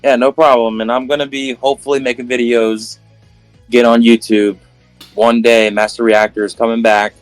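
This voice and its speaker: A man's voice: mid-range voice, level tone, normal speed, smooth, dry recording, soft background music, rough recording. A man speaking as a podcast guest, casual and rambling, giving loose advice. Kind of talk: casual interview chat.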